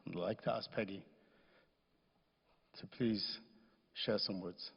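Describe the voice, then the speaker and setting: A man giving a funeral eulogy, speaking gently and fondly as he recalls a visit. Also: low voice, fairly even intonation, takes it slowly, vocal fry, slightly rough. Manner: gentle, reminiscing, warm toward the widow. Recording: echoey hall, dull lo-fi sound.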